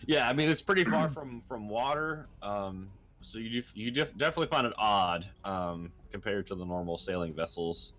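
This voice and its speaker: A man's voice: on the low side, lively intonation, moderate pace, hardly any pauses, a bit bright. A man narrating as game master, hesitant and full of ums and uhs. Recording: faint music behind.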